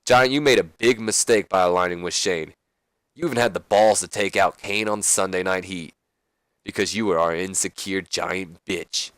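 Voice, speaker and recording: A man's voice: sits low, normal speed, a bit bright, no echo, clean studio sound. A man voicing a menacing male wrestler making crude threats.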